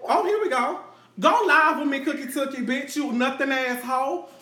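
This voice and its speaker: A woman hosting a live show, loudly trash-talking and laughing as she roasts people. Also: sits high, moderate pace, a crowd in the background. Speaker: host. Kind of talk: loud raunchy live-stream chat. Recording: echoey room.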